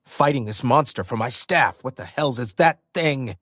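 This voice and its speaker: A man's voice: mid-range voice, normal speed, fairly bright tone, no echo, clean studio sound, lightly acted. A man doing a stubborn, indignant young wizard.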